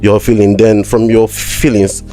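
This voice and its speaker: A man from Nigeria, a mental health practitioner chatting as a podcast guest. He talks haltingly and repeats words with a slight stammer. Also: fairly low pitch, level tone, mellow, soft background music. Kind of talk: casual conversation.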